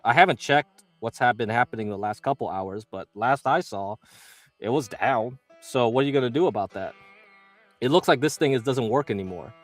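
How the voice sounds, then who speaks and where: A man's voice: mid-range voice, moderate pace, no room sound, soft background music. A man hosting a livestream about the stock market, talking loosely to his viewers as "you" and acting out how panicked traders feel, swearing now and then. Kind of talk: casual market commentary.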